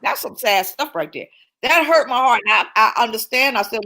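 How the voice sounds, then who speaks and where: Woman minister for a passionate talk, slightly higher voice, preachy repetition. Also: animated, a little fast, sharp tone, poor audio. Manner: fervent, preachy, repeats phrases. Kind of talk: impassioned church talk.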